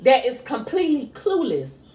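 A woman's voice: sits high, moderate pace, echoey room. A woman telling an emotional personal story and acting out what her family said. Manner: animated, acts out family quotes.

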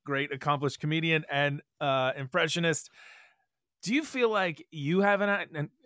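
A man hosting a podcast interview, asking animated, rambling questions. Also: fairly high pitch, dry recording, studio quality. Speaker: podcast host. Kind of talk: casual interview chat.

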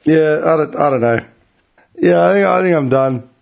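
A man's voice: fairly high pitch, normal speed, creaky. Ranting Australian man, voice wearing thin. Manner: profane, exasperated storytelling with bursts of animated outrage. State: voice getting tired and strained. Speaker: group chat regular. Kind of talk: casual ranting story.

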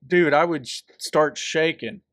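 A man's voice: fairly high pitch, unhurried, a bit bright, no room sound. A man co-hosting a casual podcast, teasing his partner with dry wisecracks. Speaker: podcast co-host. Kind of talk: casual chat.

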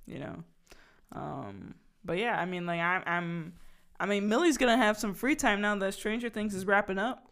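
A young woman co-hosting a casual podcast, chatty, full of fillers and quick laughs. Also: mid-range voice, fairly bright tone. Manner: chatty, laughs often, many fillers and restarts. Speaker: podcast co-host. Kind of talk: casual chat.

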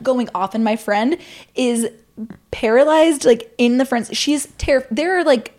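Swearing freely, this young adult woman tells animated stories while co-hosting a podcast in a casual, chatty way. She talks at a moderate speed in a slightly high voice.

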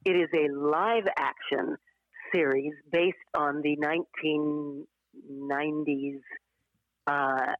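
A woman's voice: deep voice, fairly even intonation, takes it slowly, dry recording. Brief: older woman guest, easygoing, laughs a lot, dull dry remote audio. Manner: chatty, laughs often, trailing restarts. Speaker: actress guest. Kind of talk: casual interview conversation.

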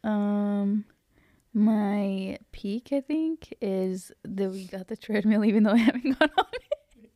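A young woman co-hosting a casual podcast, relaxed and laughing often, sprinkling in "like". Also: medium pitch, slow, no room sound, clean studio sound. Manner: laid-back, laughs often, filler "like". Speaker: podcast co-host. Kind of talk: casual chat.

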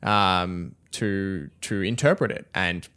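A man co-hosting a casual podcast, explaining in a measured way with frequent fillers. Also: deep voice, bright, forceful tone, clear, resonant tone. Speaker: podcast co-host.

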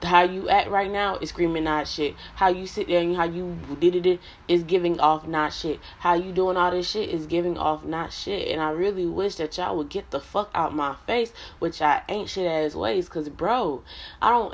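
Blunt low-voiced woman ranting. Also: highs cut off. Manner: blunt, profane, confrontational. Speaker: app streamer. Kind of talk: ranting monologue to viewers.

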